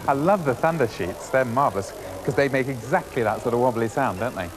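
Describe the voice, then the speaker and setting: A man presenting a classroom music lesson to primary school children, asking brisk, encouraging questions. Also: mid-range voice. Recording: 1980s schools TV, reverberant school hall, faint hiss.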